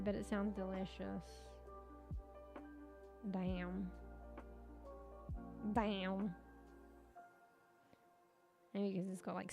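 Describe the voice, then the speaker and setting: Gravelly-voiced woman streamer chatting. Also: medium pitch. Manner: rambling, swears a lot, laughs often. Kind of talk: casual chat with stream viewers.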